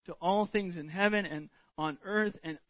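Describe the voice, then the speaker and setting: A middle-aged man preaching a sermon as pastor, earnest and deliberate, stretching out words for emphasis. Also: sits high, dry recording, lo-fi sound.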